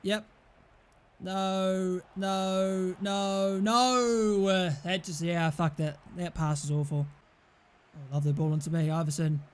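Excitable British lad commentating gameplay. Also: male voice, sits high, slow pace, clear, resonant tone. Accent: British English. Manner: excitable, swears, shouts at teammates. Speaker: gaming YouTuber.

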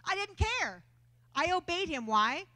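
A woman preacher, telling stories in a lively sermon with self-mocking humor at a church service. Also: extremely high pitch, measured pace.

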